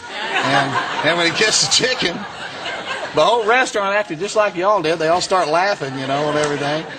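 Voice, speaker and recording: A man, a guest in an interview who tells a lively story and often laughs. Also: on the high side, a little fast, background noise. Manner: laughing, lively anecdote telling. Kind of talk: animated storytelling.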